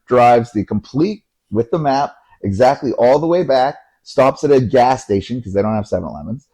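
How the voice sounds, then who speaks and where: A man hosting a podcast, telling a story in a casual, animated way, acting out voices and swearing now and then. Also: medium pitch, normal speed, hardly any pauses. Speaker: podcast host.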